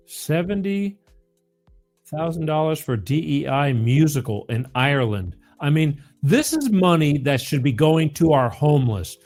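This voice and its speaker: A man hosting his own opinion show, talking emphatically, stumbling over words and restarting. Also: fairly high pitch. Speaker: podcast host. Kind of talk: opinionated political talk.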